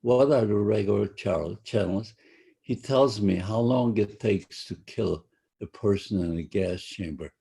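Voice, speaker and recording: An older man giving personal testimony to students, halting and often repeating or restarting his phrases. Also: fairly low pitch, vocal fry, warm tone, husky. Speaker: Holocaust survivor speaker.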